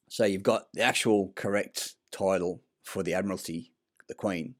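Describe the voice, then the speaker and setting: A man's voice: deep voice, unhurried. A man talking in a rambling vlog monologue, blunt and profane, full of fillers and restarts. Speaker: vlogger. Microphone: self-recorded clip.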